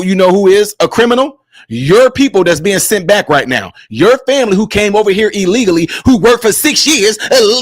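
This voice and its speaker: A man's voice: high-pitched, no room sound, clean studio sound. A man hosting a commentary vlog, combative and mocking, speaking straight to his viewers. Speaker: host.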